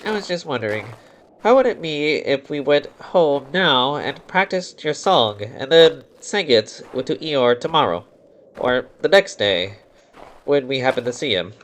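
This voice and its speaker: A small, anxious young piglet squeaks in a high, lively voice that jumps up and down, as a male narrator puts him on. He sounds timid and worried, a shy storybook animal. It is a storybook reading. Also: moderate pace.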